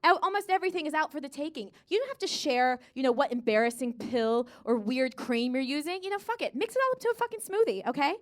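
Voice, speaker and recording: A woman's voice: high-pitched, sing-song, fast talker, few pauses. An American woman doing live stand-up on stage, with a brash, profane, valley-girl delivery into a handheld mic. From United States. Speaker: stand-up comedian. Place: comedy stage before a live audience.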